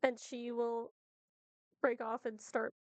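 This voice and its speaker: A woman's voice: a little high, little pitch movement, slow pace, no room sound. A woman playing a tabletop game casually, laughing often. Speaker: player.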